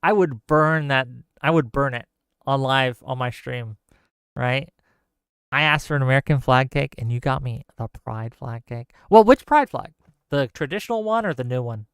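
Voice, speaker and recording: A man's voice: mid-range voice, moderate pace, smooth, no room sound, clean studio sound. A man hosting a live stream, ranting casually and sarcastically while reading out viewer comments.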